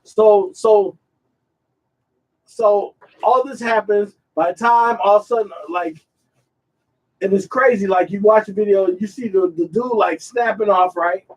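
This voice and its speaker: A man hosting a podcast, retelling a story in a casual, animated way, acting out the quotes and often repeating himself. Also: high voice, unhurried, far from the mic, poor audio. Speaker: podcast host.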